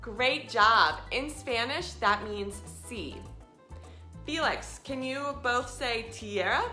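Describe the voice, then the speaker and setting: A woman hosting a children's storytime, reading a picture book aloud in a gentle, carefully enunciated way. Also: on the high side, slow pace, soft background music.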